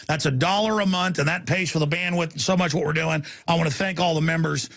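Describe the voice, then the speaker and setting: A male talk radio host delivering a fiery monologue, ranting and yelling insults in bursts, then rattling off a rapid sales pitch before taking callers. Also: steady tone.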